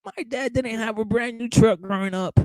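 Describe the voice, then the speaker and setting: A man's voice: very high voice, moderate pace, a little mellow, voice pushed up. A man voicing a whiny, spoiled young male boxer who complains about his childhood. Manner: whining, sing-song mockery.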